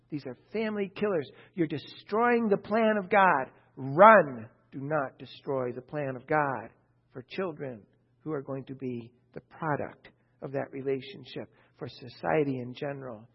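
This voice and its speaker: A man preaching a sermon from scripture, emphatic and forceful, pressing his listeners with rhetorical questions. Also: medium pitch, moderate pace, vocal fry, husky. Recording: dull, muffled lo-fi sound.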